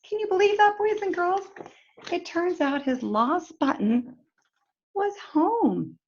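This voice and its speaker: A woman teacher reads a storybook aloud to children, turning to them with questions. Her voice is high and lively, moving slowly through the story. The recording sounds dull and lo-fi. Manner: expressive, talks to children directly.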